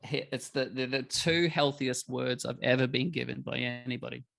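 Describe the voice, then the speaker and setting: A middle-aged man, a podcast guest telling emotional stories in a candid, animated way. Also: medium pitch, normal speed, vocal fry. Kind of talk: candid conversational interview.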